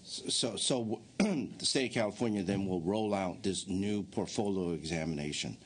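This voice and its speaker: A man on a legislative committee asking questions, halting with many fillers and restarts. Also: sits low, a little hiss or hum. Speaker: committee member.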